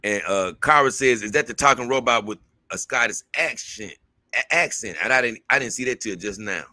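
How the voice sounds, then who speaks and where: Bright-voiced man chatting casually on stream. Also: mid-range voice, moderate pace, no echo. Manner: relaxed, drawling, with many fillers. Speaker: channel host reading viewer comments. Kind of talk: casual livestream chat.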